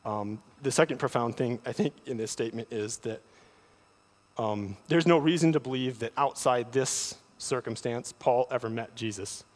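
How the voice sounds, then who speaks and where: A man preaching a sermon, often repeating words as he starts a thought, with animated delivery. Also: medium pitch, moderate pace. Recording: long hall reverb.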